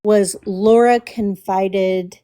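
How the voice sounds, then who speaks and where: Woman livestream host from the Houston area, unhurried, mellow, careful and hesitant delivery. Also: mid-range voice, steady tone. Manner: halting and careful with words, many restarts. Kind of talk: casual livestream commentary.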